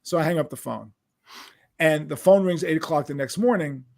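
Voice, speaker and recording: An older man, a musician guest, telling animated stories over a video call, acting out voices with many restarts. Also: on the high side, moderate pace, gravelly. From United States. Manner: lively, acts out quotes, many restarts. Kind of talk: animated storytelling.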